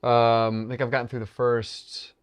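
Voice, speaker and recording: A man's voice: mid-range voice, completely flat delivery, moderate pace, clear, resonant tone, dry recording. A man co-hosting a TV review show, chatting casually with short interjections and frank asides.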